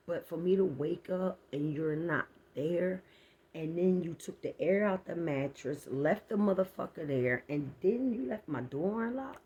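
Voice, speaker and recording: A woman with a low voice, strongly husky and gravelly with fry, telling her viewers a personal story. She speaks bluntly and swears freely, talking straight to the audience in casual storytime fashion, acting out sounds along the way. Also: normal speed, dark tone. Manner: blunt, heavily profane, addresses viewers directly; vivid retelling with sound effects. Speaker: storyteller vlogger.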